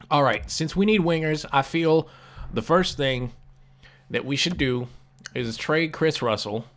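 A young man casually commenting on a sports game as he plays, animated, swearing often and repeating himself. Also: fairly high pitch. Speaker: gaming YouTuber.

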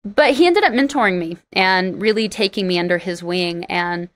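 A woman's voice: mid-range voice, normal speed, fairly bright tone. A singer-songwriter woman, a guest in an interview, telling stories animatedly and laughing often. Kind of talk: storytelling interview talk.

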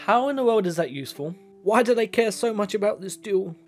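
A man's voice: high-pitched, animated, brisk. Male commentator, sarcastic and exasperated, with faint background music. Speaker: video commentator. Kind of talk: comedic commentary.

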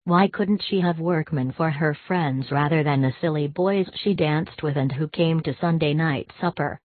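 A woman giving a measured, expressive audiobook reading of a classic short story. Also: deep voice, no echo. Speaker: audiobook narrator. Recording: tinny, dry, phone-like sound.

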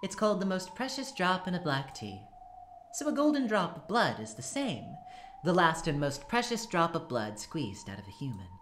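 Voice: mid-range voice, huge pitch swings, normal speed, fairly bright tone, a little hiss or hum, pitched above the performer's own voice. A reader voicing a cruel, theatrical adult female witch who taunts and gloats grandly, with music behind. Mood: taunting.

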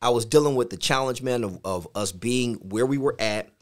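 A man's voice: mid-range voice, moderate pace. A middle-aged man co-hosting a faith podcast, with a mid-range voice. He tells long personal stories in a loose, conversational way. He says "man" nearly every other phrase. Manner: says "man" constantly, animated storytelling. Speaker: podcast co-host, pastor. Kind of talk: casual faith podcast storytelling.

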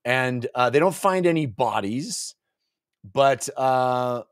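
A man's voice: medium pitch, animated, takes it slowly, clean tone, dry recording, studio quality. A man co-hosting a casual book discussion podcast, rambling and playful, with many fillers. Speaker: podcast co-host.

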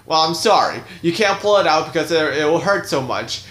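A man's voice: on the high side, expressive, a little fast, fairly bright tone. A man voicing a whiny, stubborn young turtle-dragon prince in a puppet show. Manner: whiny, complaining.

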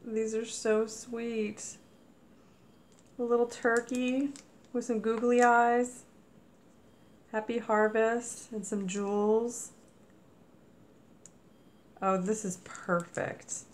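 Slow, gushing woman unboxing mail. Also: fairly high pitch, flat delivery, slight background noise. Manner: gushing, exclaims often. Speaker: crafting vlogger. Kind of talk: casual unboxing narration.

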